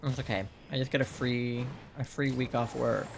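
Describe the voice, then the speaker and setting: A man chats his way through a live-streamed video game, rambling and playful, with a bit of sleepiness in his talk. His voice sits at an ordinary pitch with a gravelly, fry-laden edge, and it is recorded at home at his streaming setup. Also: steady tone, moderate pace, noisy background. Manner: rambling, chatty, playful, with laughs and squeals. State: sleepy, yawning. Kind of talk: casual live-stream gaming commentary.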